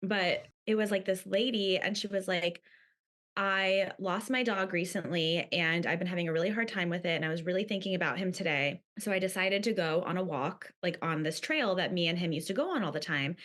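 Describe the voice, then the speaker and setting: A woman's voice: on the low side, brisk, a bit bright. A woman guest on a podcast in casual chat, rambling through stories with many fillers.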